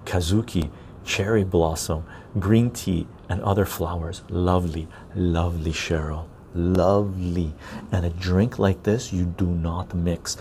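Male podcast host, low and gravelly, dark tone, relaxed chatty delivery, outdoors on a patio. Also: measured pace, slight background noise. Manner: easygoing, chatty, tags sentences with "right?". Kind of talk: casual chat while reading live chat.

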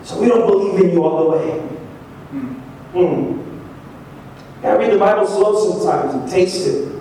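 A young man preaching a sermon in a church hall, animated and laughing often as he acts out voices. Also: normal speed. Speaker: pastor. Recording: echoey hall from far off, faint rumble.

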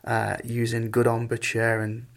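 A man's voice: mid-range voice, monotone, measured pace, vocal fry. A man, a singer, giving instructive answers about vocal technique in a casual interview. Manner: explanatory, instructive, hesitant fillers. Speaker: singer and vocal coach guest.

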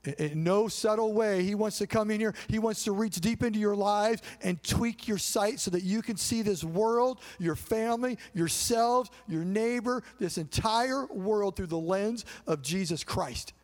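A male pastor giving a conversational sermon in a large church, often checking in with the congregation through quick rhetorical questions. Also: high voice. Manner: conversational preaching with frequent rhetorical check-ins. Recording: long reverb of a large hall.

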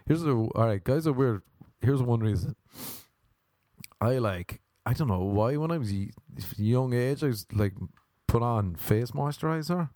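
A man's voice: medium pitch, expressive, measured pace, mellow, dry recording, clean studio sound. A young man doing a rambling comic monologue to camera, crude and joking, often stopping to restart his sentences. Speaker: vlogger.

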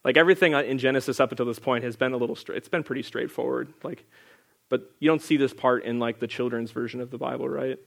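A man's voice: medium pitch, fairly even intonation, quick pace, creaky. A young man leading a casual Bible study, reading scripture aloud and then explaining it in a loose, chatty way full of filler words. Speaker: Bible teacher.

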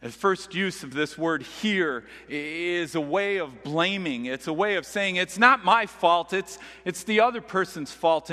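A male pastor delivers a sermon in a conversational, earnest manner. His voice sits a little high and rings bright and forceful. It carries the long reverb of a large hall.

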